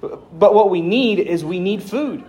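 Higher-voiced man preaching with dry humor. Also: unhurried, warm tone, lo-fi sound. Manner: reads scripture aloud with dramatic emphasis. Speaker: pastor. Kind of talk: sermon.

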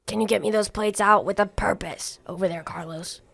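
A woman's voice: fairly low pitch, unhurried, no room sound, full character voice. A woman with a Southern US accent playing an old, toothless, chain-smoking diner waitress who is blunt and sarcastic. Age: older. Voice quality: raspy, gravelly. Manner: blunt and sarcastic, sometimes muttering under her breath.

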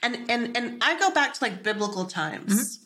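A woman's voice: on the high side, lively intonation, moderate pace, pushed and bright. A woman hosting a podcast, speaking earnestly and emphatically like a spiritual teacher. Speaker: podcast host. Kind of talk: casual chat.

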